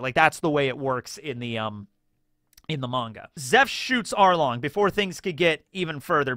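Chatty, bright-voiced man recapping a show. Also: on the high side, dry recording, studio quality. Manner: chatty, rambling, full of 'like' and quoted bits. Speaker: YouTube host. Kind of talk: casual episode breakdown commentary.

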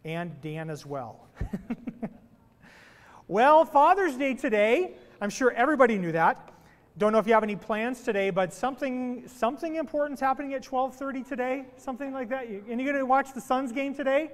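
A man's voice: very high voice, normal speed. A man preaching to his congregation, telling playful jokes before his sermon. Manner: playful, animated joke-telling. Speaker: pastor. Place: church sanctuary. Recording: long reverb of a church hall.

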